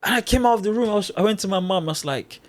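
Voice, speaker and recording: A young man from Nigeria chats as a podcast guest, his voice sitting a bit high for a man. He tells stories with energy and acts out what other people said. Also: very fast. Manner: animated storyteller, acts out quotes. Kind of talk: casual podcast chat.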